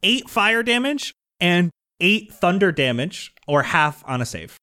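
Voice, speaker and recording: A man's voice: high-pitched, very animated, pushed and bright, clean tone. Man narrating as game master. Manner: measured, descriptive.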